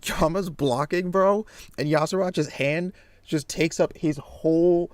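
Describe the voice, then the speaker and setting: Excitable man reacting, dry sound. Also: on the high side, unhurried, no room sound. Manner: excitable, exclaiming, casual slang. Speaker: comic reaction streamer. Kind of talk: reading aloud and reacting to a comic.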